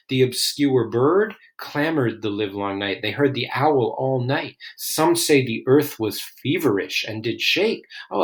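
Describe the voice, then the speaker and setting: A man reading lines from a play aloud and explaining them in plain, casual words, often musing over what he finds interesting. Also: mid-range voice. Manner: reads lines then paraphrases them in plain talk, musing and curious. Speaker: literature explainer. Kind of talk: casual read-aloud with commentary.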